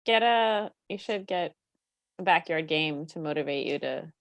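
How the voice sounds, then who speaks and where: A woman's voice: deep voice, lively intonation, unhurried, gravelly, no echo. A woman co-hosting a live-stream show, giggly and playful, reading out trivia. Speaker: podcast co-host. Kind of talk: casual live-stream chat.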